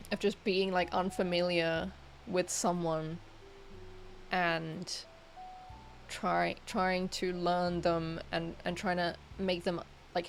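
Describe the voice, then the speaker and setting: A woman streaming and chatting casually with her viewers. She rambles and hesitates, with lots of fillers and restarts. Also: on the low side. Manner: talks to chat viewers. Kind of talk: casual livestream chat.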